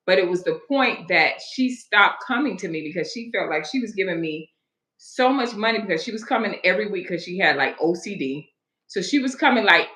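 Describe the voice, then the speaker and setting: A woman in her forties tells a long salon story to her live viewers, wandering off on side notes and calling out to people watching. Her voice is low-pitched but bright and forceful. She records in an echoey room. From Florida. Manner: chatty, digressive, greets viewers mid-story. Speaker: hairstylist hosting a live stream. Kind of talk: casual storytelling to a live audience.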